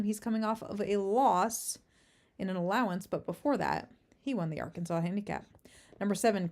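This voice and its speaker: A woman's voice: medium pitch, darkish tone. A woman hosting a casual livestream race preview, chatting with her viewers between horse introductions, speaking without her usual headset. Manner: chatty, talks to chat, asides and laughs. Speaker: race caller and host. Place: relative's house, indoors. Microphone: no headset, makeshift setup.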